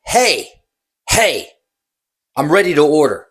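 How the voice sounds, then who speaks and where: Rude, gruff construction worker customer, put on by a man: raspy, husky, raised voice. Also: expressive, normal speed. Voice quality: raspy, high and yelling.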